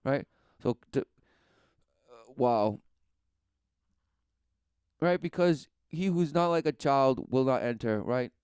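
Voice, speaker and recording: A man's voice: medium pitch, animated, takes it slowly, long pauses, darkish tone, clear, resonant tone, dry recording, clean studio sound. A man preaching in a rambling talk, often tossing in rhetorical questions. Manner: rambling, keeps asking "who knew" and "right?".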